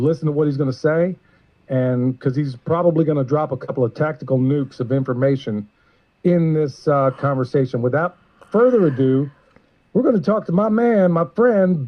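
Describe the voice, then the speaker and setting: A man hosting a live-streamed show, introducing a guest in an earnest, emotional, rambling way. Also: a little high. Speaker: podcast host. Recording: muffled lo-fi stream audio.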